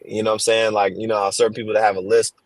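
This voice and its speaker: A man's voice: fairly low pitch, flat delivery, dry recording, poor audio. A man reading Bible verses aloud in a casual class, stopping and restarting with fillers. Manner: halting, reads slowly with fillers. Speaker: scripture reader in a Bible class. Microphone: headphones on a stream.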